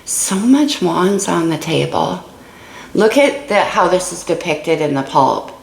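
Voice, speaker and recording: A woman with a low, creaky voice reads tarot cards in a casual way, thinking aloud and exclaiming over each card. Her voice rings in an echoey room with a faint hiss behind it. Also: lively intonation, a little slow. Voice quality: creaky morning voice. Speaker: tarot reader. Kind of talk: casual tarot reading to camera.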